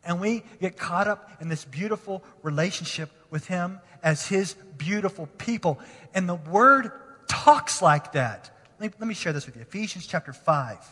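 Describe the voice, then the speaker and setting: Impassioned male pastor, bright voice, echoing hall. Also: on the high side, lively intonation, moderate pace. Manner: impassioned, swinging from hushed to emphatic. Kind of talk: sermon. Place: church sanctuary. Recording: long reverb of a large hall.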